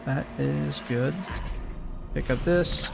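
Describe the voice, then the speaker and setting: Casting: male streamer, gravelly voice, casual speedrun commentary, talks to himself, loops on phrases. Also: medium pitch, slow pace, music in the background. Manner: thinking aloud, repeating phrases, self-correcting.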